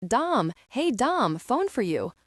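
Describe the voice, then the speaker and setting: A man's voice: very high-pitched, very animated, takes it slowly, a bit bright, dry recording, studio quality, voice pushed up, full character voice. A woman reading an audiobook and voicing a kindly older man who answers a phone in a folksy, drawling way. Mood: calling out. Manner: folksy, drawling, calls people honey.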